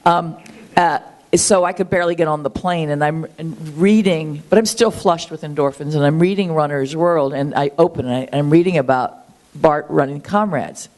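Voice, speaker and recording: Woman, 60s, low voice, guest interview, chatty, keen, full of ums. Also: moderate pace, darkish tone. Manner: chatty, enthusiastic, with frequent ums and restarts. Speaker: guest, author and marathon runner. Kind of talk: conversational interview.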